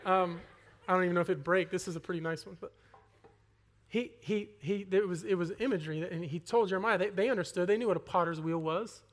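A young man giving a personal testimony sermon to a congregation, earnest and conversational, with halting restarts, rising to loud emphasis and dropping to soft asides. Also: high voice. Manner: earnest, swings between loud emphasis and near-whispered asides. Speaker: preacher.

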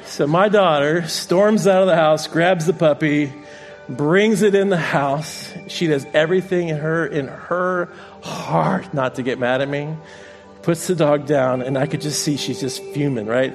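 Faint music plays behind a middle-aged pastor whose voice is a little high and whose pace is measured. He preaches by sharing a family story with chatty self-deprecation, then ends with a prayer.

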